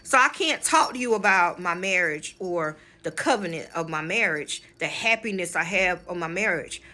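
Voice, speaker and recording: Bright, emphatic woman telling a story. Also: lowish voice, expressive, moderate pace. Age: adult, married with children. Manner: emphatic, frank, addresses viewers as y'all; swears freely. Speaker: spiritual channel host. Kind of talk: casual storytelling vlog.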